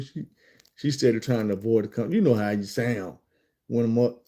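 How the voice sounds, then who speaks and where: A middle-aged man telling a story in a blunt, profane, animated way. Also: fairly low pitch, moderate pace. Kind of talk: casual storytime.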